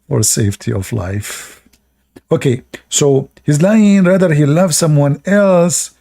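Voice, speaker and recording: Gravelly, slow-talking sarcastic man. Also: on the high side, lively intonation, dark tone. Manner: sarcastic, frequently laughing; speaks in non-native English. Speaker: streamer commenting on religious texts. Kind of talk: mocking commentary while reading aloud.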